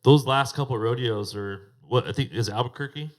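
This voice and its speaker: A man's voice: mid-range voice, fairly quick. A man hosting a podcast, chatting casually and firing off eager follow-up questions. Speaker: podcast host. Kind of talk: casual chat.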